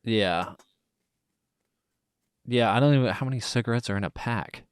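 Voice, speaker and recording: A man co-hosting a podcast who talks about a film in a slow, measured way, with many pauses. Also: medium pitch, clean tone, dry recording, studio quality. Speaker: podcast co-host. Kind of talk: casual film discussion.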